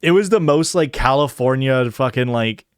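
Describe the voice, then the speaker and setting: A man's voice: mid-range voice, moderate pace, clear, resonant tone, no echo. Young male streamer, light Chicago-area accent, loose rambling talk with plenty of "like", clean resonant tone, dead-dry booth sound. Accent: Chicago-area Midwestern American. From northern Illinois, USA. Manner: rambling, lots of "like" fillers and profanity. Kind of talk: casual chat answering chat. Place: home streaming setup.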